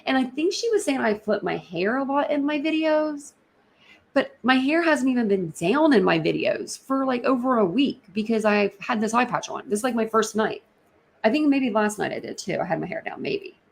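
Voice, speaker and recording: Woman chatting on her stream, kinda gravelly fry voice, rambly and full of likes. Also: a little high, lively intonation. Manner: rambling, filler-heavy, quick to laugh. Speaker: livestream host. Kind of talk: casual livestream chat.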